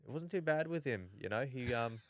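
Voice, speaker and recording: A young Australian man chatting casually as a podcast guest, halting and full of restarts. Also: mid-range voice, lively intonation, no echo, clean studio sound. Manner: halting, many restarts and fillers. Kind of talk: casual chat.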